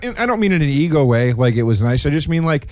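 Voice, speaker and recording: A man's voice: a little high, very animated, fast talker, a little mellow, no echo. A man hosting a casual chat, telling stories in a rambling way with many fillers and restarts. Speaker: comedian and podcast host.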